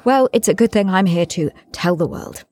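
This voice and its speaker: A woman's voice: medium pitch, animated, moderate pace, a little mellow, slight background noise. A woman interviewing in a comedy sketch, exasperated and clipped, keeping up a strained politeness.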